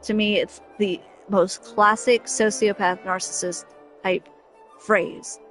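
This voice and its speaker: A woman's voice: mid-range voice, fairly even intonation, takes it slowly, fairly bright tone, faint music behind. A woman streaming a game, talking casually and venting in an exasperated, emphatic way that keeps circling back to the same point. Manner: exasperated, emphatic, repeats herself. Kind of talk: casual venting chat over gameplay.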